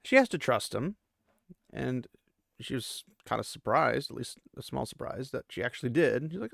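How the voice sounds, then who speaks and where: A man's voice: medium pitch, sing-song, normal speed, gravelly, fairly bright tone, no echo, clean studio sound. A man hosting a podcast, recapping a book chapter in a chatty, loose way full of casual asides. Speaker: podcast host.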